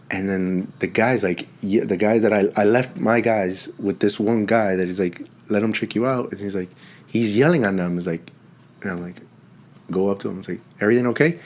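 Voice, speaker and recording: A man, a firefighter guest, telling stories in casual chat and acting out voices of the people in them. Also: on the low side. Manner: animated, acts out voices in his stories.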